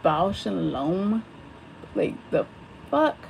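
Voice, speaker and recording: A woman's voice: medium pitch, very animated, drawn-out words, gravelly, darkish tone, a little hiss or hum, poor audio. A young woman chatting casually on a livestream while she does her makeup at home, rambling, laughing often and swearing. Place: home, at a vanity mirror.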